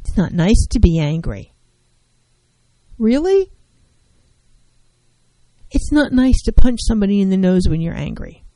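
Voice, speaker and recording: A woman's voice: mid-range voice, expressive, brisk, hardly any pauses, dark tone, dry recording, poor audio. A middle-aged woman counselor giving an earnest, emphatic talk on handling feelings, repeating key phrases to drive them home. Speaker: licensed professional counselor. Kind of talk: educational talk on mental health.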